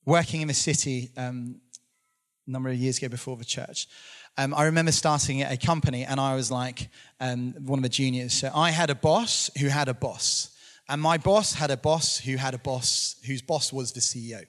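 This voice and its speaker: A man's voice: medium pitch, fairly even intonation, moderate pace, fairly bright tone. A man, preaching a conversational sermon with earnest storytelling and some self-deprecating humor.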